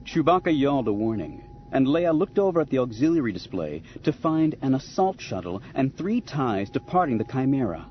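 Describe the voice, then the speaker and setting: A man narrating an audiobook in a measured, expressive storytelling manner. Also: mid-range voice, muffled recording, a little hiss or hum. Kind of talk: scripted narration.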